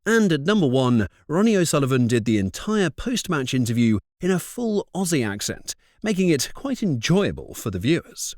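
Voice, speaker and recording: A man's voice: on the high side, sing-song, moderate pace, hardly any pauses, darkish tone, no room sound, clean studio sound. A man reading scripted narration for a countdown compilation in an upbeat way.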